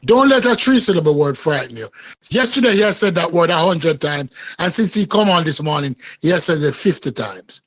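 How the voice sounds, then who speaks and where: A man presses his case in a live panel debate, repeating his questions with insistence. His voice is fairly high. The sound is dry and close, with no room around it. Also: expressive, brisk, no room sound, rough recording.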